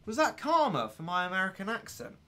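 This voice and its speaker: A man's voice: high voice, very animated, brisk, sharp tone, soft background music. A young man chatting casually and laughing on a live stream. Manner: chatty, giggly, self-mocking.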